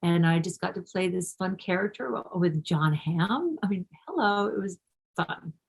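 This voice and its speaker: Effusive woman with a gravelly voice. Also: on the low side, expressive, moderate pace, low-quality recording. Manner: effusive, gushing, restarts sentences. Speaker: actress interviewed. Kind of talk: casual interview talk.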